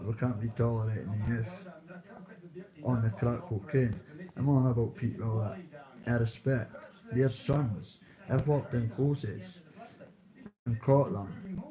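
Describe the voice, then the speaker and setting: A man's voice: mid-range voice, poor audio. A man in his thirties with a Dundee Scottish accent, rambling through casual street stories in slang with swearing. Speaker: vlogger.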